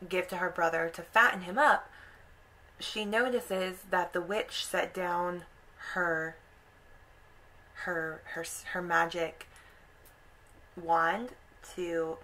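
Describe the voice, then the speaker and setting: A woman's voice: fairly low pitch, bright, forceful tone, slight background noise, rough recording. A woman YouTuber casually retelling an opera's story, chatty with lots of "like" and "kind of".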